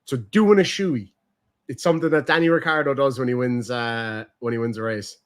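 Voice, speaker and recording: A young man hosting a casual chat, explaining slang in a profane, animated way. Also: medium pitch, normal speed. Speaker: streamer host.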